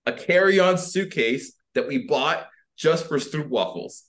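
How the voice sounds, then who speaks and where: On a podcast, a guest who coaches people in dating and personal development recounts a story. His voice is medium-pitched and fairly quick, with few pauses, and he keeps it casual and animated, full of fillers and acted-out voices.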